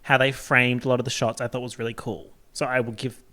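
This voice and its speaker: A man's voice: medium pitch, level tone, fast talker, sharp tone. A man guesting on a podcast, chatting in a playful, jokey way. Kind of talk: casual chat.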